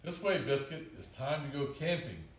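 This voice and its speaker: A man reading aloud and voicing a cheerful little girl who talks to her puppy in a bright, coaxing storybook voice, in a roomy room. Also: on the high side, sing-song, normal speed, slight background noise, voice pushed up. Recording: roomy echoey recording.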